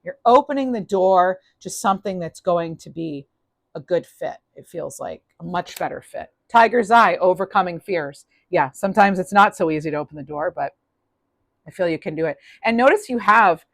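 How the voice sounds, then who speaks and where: A woman's voice: fairly low pitch, expressive, normal speed, creaky, no echo. A woman giving a casual, upbeat tarot reading, chatty with many restarts. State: clearing throat, losing voice. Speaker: tarot reader.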